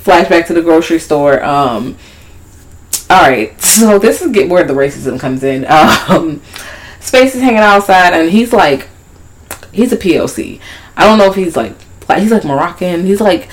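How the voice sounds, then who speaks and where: A woman co-hosting a casual show recap, profane and animated, often acting out the characters. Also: on the low side, moderate pace. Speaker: podcast co-host.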